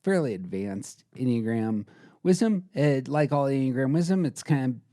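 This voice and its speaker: A man co-hosting a podcast, talking in an earnest, relaxed conversational way. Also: mid-range voice, moderate pace. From Colorado. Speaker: podcast co-host. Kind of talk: casual podcast chat.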